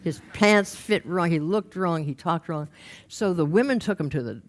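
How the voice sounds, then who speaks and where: A woman from Los Angeles, a workshop leader, telling an anecdote from her groups in a lively way and mimicking the people she quotes. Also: on the low side, normal speed. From Los Angeles, United States. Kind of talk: anecdotal storytelling talk.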